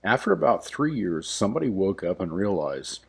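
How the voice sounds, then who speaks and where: A man's voice: deep voice, sing-song, normal speed, vocal fry, slightly rough. A man narrating a scripted comic history piece, with wry, dry asides.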